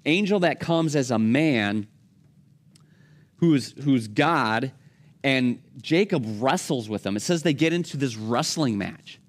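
A man's voice: mid-range voice, expressive, takes it slowly. A man preaching a conversational sermon, acting out the lines of the people in his stories. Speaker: pastor.

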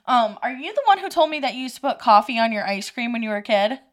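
A woman's voice: on the high side, very animated, fast talker. A woman podcast co-host reading myths and facts off a list, with short dry reactions. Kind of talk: casual chat, reading out facts.

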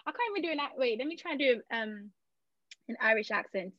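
A woman's voice: a little high, lively intonation, fast talker, a bit bright, no room sound. A young adult woman hosting a podcast in casual, chatty talk, laughing often and restarting her sentences. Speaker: podcast host. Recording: dull, dry lo-fi recording.

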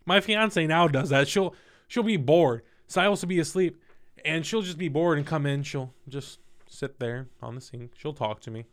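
A young man casually telling a personal story in a candid, profane, animated way. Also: fairly high pitch, normal speed.

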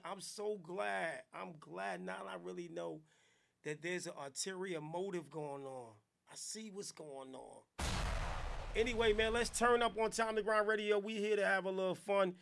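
High, gravelly-voiced man ranting. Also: normal speed. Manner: animated, loud bursts of hype and chanting. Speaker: podcast host. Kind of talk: comic live-stream rant.

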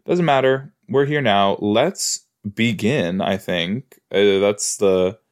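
A man with a somewhat low voice talks through a TV episode as a podcast host. He rambles in a loose, playful way, full of chatty asides and reactions. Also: takes it slowly. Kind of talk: casual watch-along commentary.

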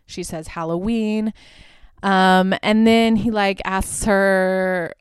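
A woman's voice: mid-range voice, steady tone, takes it slowly, clear, resonant tone, dry recording. A young woman hosting a podcast, casually retelling movie scenes with lots of fillers and the odd swear word. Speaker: podcast host. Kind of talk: casual movie review chat.

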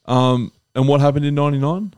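A young man co-hosting a casual sports podcast, telling stories with slow, dramatic pauses. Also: mid-range voice, darkish tone, smooth, dry recording. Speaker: podcast co-host.

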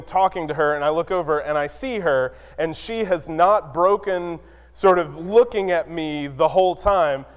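A man preaching a sermon, telling a personal story in a relaxed, self-deprecating way with lots of fillers. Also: high voice, clean tone, long reverb tail. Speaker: pastor.

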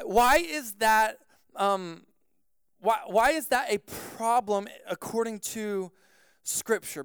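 A man preaching a sermon as pastor, telling a personal story in an animated way with frequent "like" fillers. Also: high-pitched, smooth, dry recording, clean studio sound.

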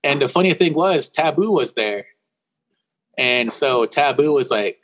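Man from Warm Springs, Oregon, casual guest storyteller, mid-pitched, rambling with restarts, slightly dull lo-fi audio. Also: expressive, unhurried. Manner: rambling, repeats and restarts words, says "bro" often. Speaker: guest musician.

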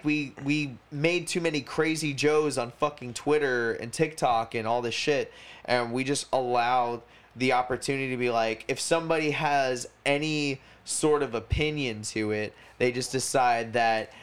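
A man's voice: mid-range voice, clear, resonant tone. A young man co-hosting a podcast in casual chat, blunt and profane, rambling through his points. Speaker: podcast co-host.

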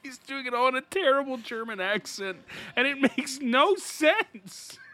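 A man with a high, bright voice co-hosting a casual podcast. He's animated and jokey, laughing often as he recaps. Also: measured pace. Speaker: podcast co-host. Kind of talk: casual chat.

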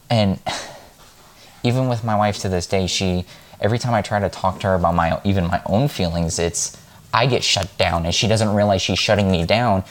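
A man's voice: sits low, moderate pace. A man vlogging in a casual monologue, talking in a frank, rambling and heated way.

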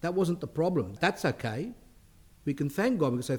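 A man's voice: fairly high pitch, sing-song, moderate pace, husky. A middle-aged man, a priest, giving a spiritual talk in a conversational way, with restarts and asides.

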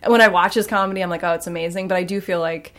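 A woman's voice: mid-range voice, racing, a bit bright. A woman co-hosting a podcast in casual chat, talking loosely with frequent swearing. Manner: casual, swears freely, lots of fillers. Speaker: podcast co-host.

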